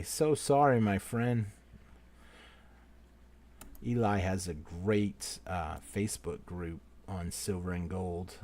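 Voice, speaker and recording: Male live-stream host, very low voice, calls names loudly, then drops to quiet asides. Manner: apologetic, repeating "so sorry, my friend" to each name; swings between loud call-outs and quiet asides. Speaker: livestream host running a giveaway. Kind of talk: casual live-stream commentary.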